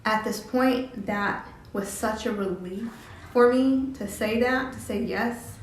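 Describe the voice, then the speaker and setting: Woman telling a story in an echoey room. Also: fairly high pitch. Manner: halting, many restarts and "like" fillers. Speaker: vlogger. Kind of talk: personal storytelling vlog. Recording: very echoey room, faint background hum. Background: cat drinking from water fountain.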